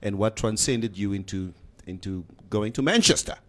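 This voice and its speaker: A man hosting a radio chat, easygoing and quick to laugh as he asks questions. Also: lowish voice. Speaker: radio host. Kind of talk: casual interview. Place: radio studio.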